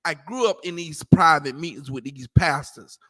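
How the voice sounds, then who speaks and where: A man talking casually in a scripture class, animated and mocking, acting out the voices he quotes. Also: on the high side, normal speed, long reverb tail. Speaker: class teacher.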